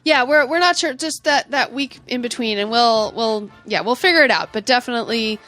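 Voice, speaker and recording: A woman co-hosting a podcast in casual chat, bubbly and excitable as she reads out announcements. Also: fairly high pitch, fairly quick. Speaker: podcast co-host.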